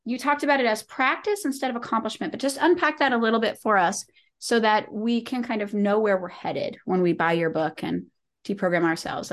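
Chatty woman host, super animated, laughs a lot, rambly like-filled talk, middle pitch. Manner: animated, playful, laughs often, lots of "like". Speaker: podcast host. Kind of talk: casual conversational interview.

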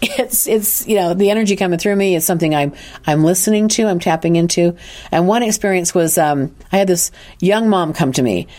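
A woman's voice: on the low side, fairly quick. A woman who works as an intuitive counselor, earnestly telling a personal story on a podcast and often restarting her sentences. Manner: earnest, animated retelling with frequent restarts.

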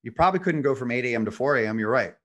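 A man's voice: medium pitch, animated, very fast. A man hosting a podcast, coaching with a motivational tone and frequent rhetorical questions. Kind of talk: conversational podcast.

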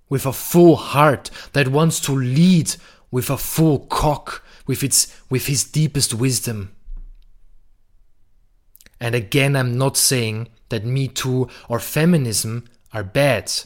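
Slow, emphatic man with a blunt delivery. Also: mid-range voice. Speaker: podcast host. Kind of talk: monologue on masculinity and relationships.

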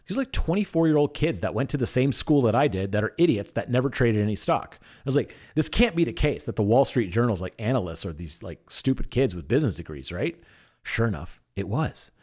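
Animated young man telling a story. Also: on the low side. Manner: animated, swings from quiet asides to excited shouts. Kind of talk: casual storytelling monologue.

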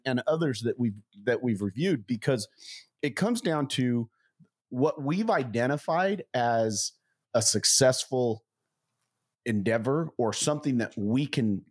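Husky man with a lively, swooping pitch. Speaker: podcast co-host. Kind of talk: casual chat.

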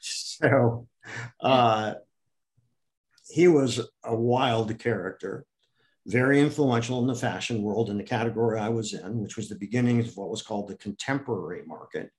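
Older man telling lively anecdotes. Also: moderate pace. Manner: animated, acts out quoted people with raised pitch. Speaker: interview guest. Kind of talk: storytelling in an interview.

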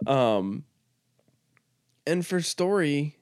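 A man's voice: a little high, very animated, very slow, darkish tone, smooth, no echo, clean studio sound. A man hosting a comedy podcast, talking casually in a rambling, crude, joking way with lots of fillers. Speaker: podcast host.

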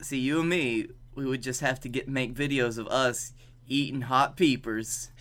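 A man co-hosting a comedy podcast, tossing in dry deadpan quips during casual banter. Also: mid-range voice, moderate pace. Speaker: podcast co-host.

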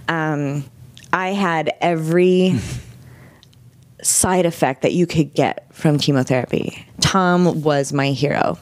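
A woman's voice: deep voice, measured pace, no echo. A middle-aged woman, a guest in an interview, telling a personal story frankly and animatedly, acting out what people said. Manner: frank, animated, vivid retelling with quoted dialogue.

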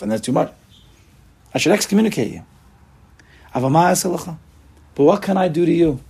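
A man teaching a Talmud and Chassidus class, chanting the texts and explaining them in an animated way. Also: fairly high pitch, husky. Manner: animated, sing-song reading of Hebrew and Aramaic text. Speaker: Torah teacher.

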